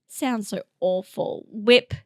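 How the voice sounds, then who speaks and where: A woman's voice: medium pitch, drawn-out words, no echo, clean studio sound. A woman hosting a solo comedy podcast, rambling and giggling as she mocks herself. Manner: rambling, giggly, self-mocking. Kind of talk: solo comedic review monologue.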